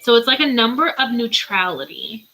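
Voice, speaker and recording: A woman's voice: fairly high pitch, big pitch swings, moderate pace, sharp tone, a little hiss or hum, low-quality recording. A woman, chatting casually on a livestream as a spiritual reader, answering viewers' questions in a playful, easily sidetracked way. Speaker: spiritual reader hosting a live Q&A.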